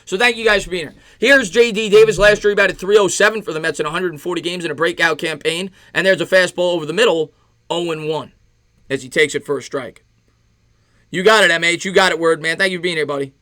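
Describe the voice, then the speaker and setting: A man doing casual play-by-play on a live stream, chatting with viewers between pitches. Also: fast talker, bright, forceful tone. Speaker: live-stream sports host.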